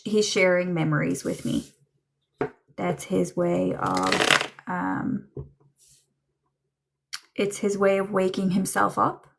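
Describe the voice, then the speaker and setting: Woman psychic medium, unhurried musing delivery, vocal fry, many ums. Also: lowish voice, fairly bright tone. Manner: slow, musing, with many ums and trailing thoughts. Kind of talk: live tarot and medium reading for chat viewers.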